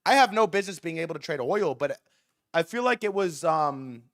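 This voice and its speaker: A young man holds forth on a livestream in a fast, profane rant. His voice sits a little high for a man, jumping from loud excited bursts to low muttered asides. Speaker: livestream host. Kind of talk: hyped livestream market rant.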